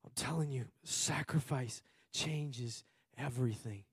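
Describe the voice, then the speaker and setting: A Minnesota pastor preaches an earnest, emphatic sermon, repeating phrases for emphasis and laughing now and then. His mid-range voice is slightly rough and measured in pace, recorded clean in a studio with no room sound.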